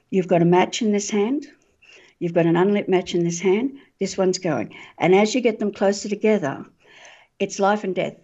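A woman author being interviewed, an animated storyteller who laughs often and says um a lot. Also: medium pitch. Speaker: author and guest. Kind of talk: interview talk. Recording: dull lo-fi sound.

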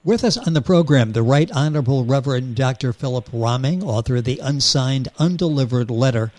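A male radio host asks his guest clear, formally worded questions in a plain, mid-pitched voice. He sounds close and dry, with no room around him. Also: fairly quick, darkish tone, no echo. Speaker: interview host. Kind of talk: radio interview.

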